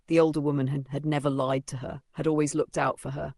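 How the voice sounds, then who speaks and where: A man reading a dramatic story as narrator in steady, scripted storytelling. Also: fairly high pitch, fast talker, gravelly, dry recording, studio quality.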